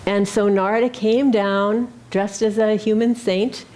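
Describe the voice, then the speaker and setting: A woman speaking at a Sunday service, telling a spiritual story in a gentle manner with some hesitant fillers. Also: mid-range voice, fairly even intonation, a little slow. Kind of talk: sermon storytelling.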